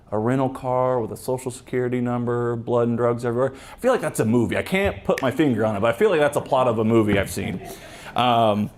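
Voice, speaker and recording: A police officer gives a casual talk to a club in a mid-range, darkish voice. He jokes and rambles with lots of fillers and restarts, chatting freely and acting out quoted voices.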